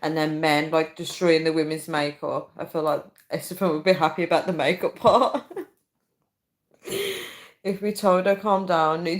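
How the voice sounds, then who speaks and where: Chatty laughing woman livestreamer. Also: on the low side. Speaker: livestream host. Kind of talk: casual livestream chat reading comments.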